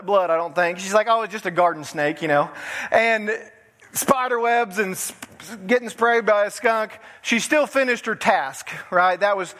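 A man's voice: high voice, a bit bright, long reverb tail. A man, a pastor preaching a folksy sermon in a church. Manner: folksy, chuckles through the story. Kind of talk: sermon with storytelling. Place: church sanctuary.

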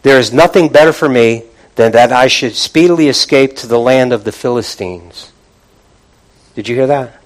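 In a poorly recorded sermon, a man with a mid-range voice speaks at normal speed. The pastor recounts scripture in an easygoing, conversational manner, often beginning phrases again and seeking replies from the congregation.

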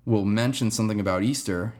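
A young man tells a story on his podcast in a loose, rambling way. His voice sits a little low and stays relaxed, with plenty of "dude" and "man" along the way. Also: fast talker. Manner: rambling, laid-back, says "dude" and "man" a lot. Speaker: podcast host. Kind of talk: casual storytelling monologue.

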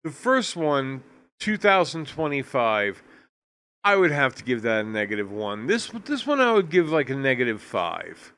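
A man co-hosting a casual film review chat in a deliberate, dry way. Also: medium pitch, very animated, a bit bright, clear, resonant tone, no echo. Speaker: podcast co-host reviewing films.

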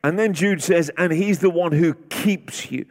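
Male guest preacher, fairly high voice, building repetitive sermon delivery, big sanctuary echo. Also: measured pace, darkish tone. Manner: repeats short declarations, building in intensity. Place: large church sanctuary. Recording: long reverb of a large hall.

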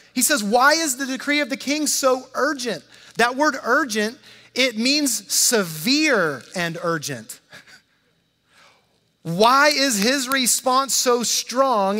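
High-voiced preacher in a reverberant hall. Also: male voice, bright, forceful tone. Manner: conversational preaching, dramatizes quotes, repeats words. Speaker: pastor. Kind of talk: sermon.

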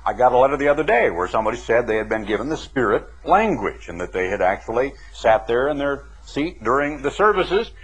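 A man's voice: mid-range voice, sing-song, a little fast, few pauses, breathy edge. A man preaching a sermon in an emphatic, folksy way, with asides to his listeners. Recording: dull lo-fi 1980s broadcast recording.

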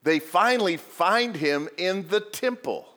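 A man's voice: high voice, expressive, measured pace, bright, forceful tone, big-room sound. A male pastor giving a sermon in a church, telling the story with humor and joking asides.

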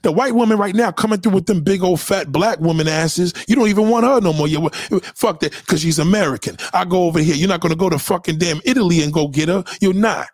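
A man delivering a profane, confrontational ranting monologue, swinging between loud outbursts and low mutters. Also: fast, few pauses, no echo, clean studio sound.

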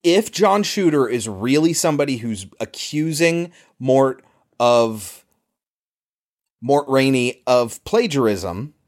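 A man's voice: medium pitch, lively intonation, slow. A man co-hosting a podcast, casually explaining film plot points and laughing along. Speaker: podcast co-host.

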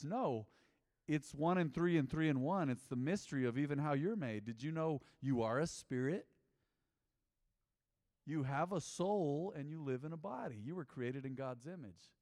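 A man's voice: on the high side, no echo, clean studio sound, big-room sound. A man preaching a sermon as pastor, emphatic and repeating phrases, calling on the congregation to answer back.

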